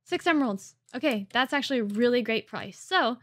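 A woman's voice: on the high side, brisk, a bit bright. A woman hosting a let's play, chatting playfully through her gameplay and laughing often. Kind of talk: casual gameplay commentary.

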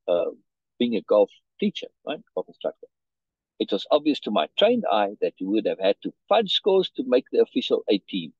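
Man reading and explaining a story, husky voice, dry muffled call audio, keeps asking "right?". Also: on the low side, darkish tone, no echo. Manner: checks in often with "right?"; restarts and repeats words. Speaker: teacher reading a story aloud. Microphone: video call.

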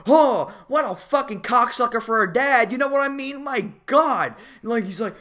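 A young male movie reviewer in a casual rant, his voice leaping up and down with lively swings in pitch. He curses often and sounds fed up, venting rather than analyzing. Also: moderate pace, few pauses. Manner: profane, exasperated ranting.

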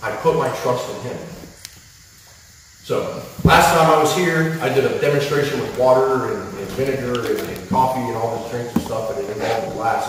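Echoey preacher in a big church hall. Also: male voice, medium pitch. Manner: earnest, builds to a loud rhythmic litany. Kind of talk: sermon. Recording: echoey hall from far off, faint noise.

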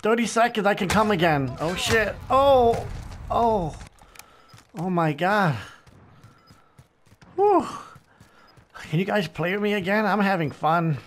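A man's voice: sits high, takes it slowly, long pauses. A man giving crude, mock-friendly gameplay commentary, taunting other players and exclaiming whenever he gets surprised. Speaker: gamer streamer. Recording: gameplay audio with gunfire behind. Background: game gunfire and explosions.

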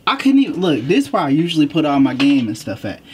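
A man's voice: a little high, lively intonation, quick pace, a little mellow, a little hiss or hum. A man hosting a casual gaming vlog from his home office, slangy and a little out of breath, talking straight to his viewers. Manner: slangy, talks straight to viewers with lots of asides. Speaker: gaming YouTuber host.

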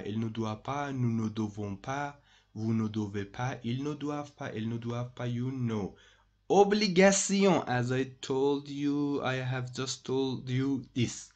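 A man teaching a French lesson online, patiently repeating each example and pausing to find his words. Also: medium pitch, steady tone, a little mellow, muffled recording. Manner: thinks aloud with pauses and restarts.

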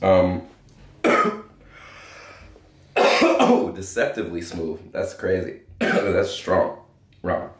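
A man's voice: sits low, very animated, drawn-out words, long pauses. Brash swearing man in an echoey room. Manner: brash, joking, swears a lot. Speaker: cannabis strain reviewer. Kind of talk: casual profane review chat. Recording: echoey room with faint noise.

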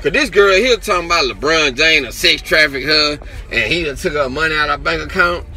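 Man vlogger, angry profane rant, bright and a bit high. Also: lively intonation, fairly quick, soft background music. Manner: heated, profane, repeats "man" and "you know what I'm saying".

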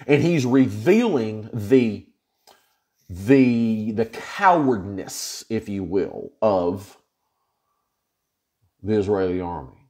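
A man's voice: lowish voice, expressive, slow pace, long pauses, mellow. A male pastor teaching an informal Bible study, retelling scripture in a folksy, plain-spoken way.

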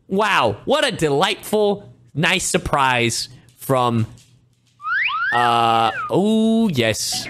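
A young man hosts a reaction video in a sarcastic, profane way. His voice leaps from high, sing-song mock-cheer down to low deadpan mutters, at an unhurried pace. Music plays beneath him. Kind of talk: casual reaction commentary.

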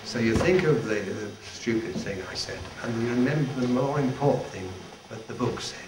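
An older man with a medium-pitched voice speaks at a moderate pace as he leads devotions for a practicing band. A retired Salvation Army general, he keeps it informal and funny with chuckling asides, and the audio is a noisy, distant, echoey room recording.

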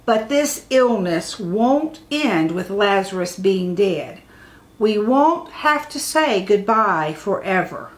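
A woman reading a gentle, calm male teacher. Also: medium pitch, slow pace.

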